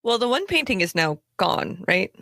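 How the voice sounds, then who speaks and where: A woman at a tabletop game with a voice in a middle pitch range. She tosses in dry teasing remarks and suggests calmly what the party should do next. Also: normal speed, vocal fry. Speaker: player. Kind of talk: casual tabletop play.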